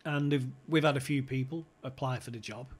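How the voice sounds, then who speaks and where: A man's voice: mid-range voice, steady tone, brisk, breathy edge. A man telling stories casually, swearing and laughing as he goes. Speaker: podcast guest, former club insider. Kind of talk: casual storytelling chat.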